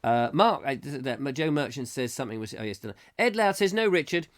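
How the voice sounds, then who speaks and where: A man's voice: medium pitch, very animated, brisk. A man hosting a live comedy chat show, rambling whimsically and reading out viewer comments. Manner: whimsical, silly, reads viewer comments aloud. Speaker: host.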